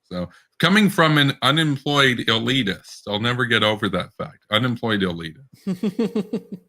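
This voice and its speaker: A man's voice: medium pitch, expressive, normal speed, sharp tone. A man co-hosting a casual political podcast, rambling with many restarts and bursts of laughter. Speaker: podcast co-host.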